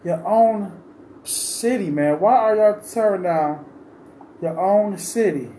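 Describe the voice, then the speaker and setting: A vlogger sharing his opinion speaks in a high-sitting, slow, dark-toned male voice. His monologue is unscripted and impassioned, pleading as he keeps repeating his questions and rambles with restarts. The recording has a roomy echo and faint ambient noise.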